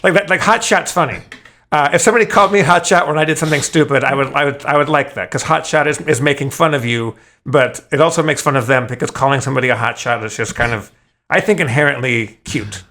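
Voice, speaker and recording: A man hosting a podcast, telling a story in loose, casual chat. He rambles, restarts sentences with stammers, and swears freely. His voice sits at an ordinary pitch for a man. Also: fast talker, sharp tone. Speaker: podcast host.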